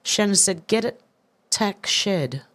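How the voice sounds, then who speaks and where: Woman, live-stream host, mid-pitched, chatty and self-mocking, reads comments aloud and laughs a lot. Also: expressive, slow, a bit bright. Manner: chatty and self-deprecating, laughs often, reads messages aloud and answers them. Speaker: livestream news host reading viewer comments. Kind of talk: casual live-stream chat.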